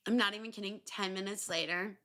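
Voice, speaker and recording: A young adult woman hosting a podcast, telling stories in a loose, animated way, swearing freely and filling pauses with ums and likes. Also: medium pitch. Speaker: podcast host. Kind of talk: casual solo storytelling.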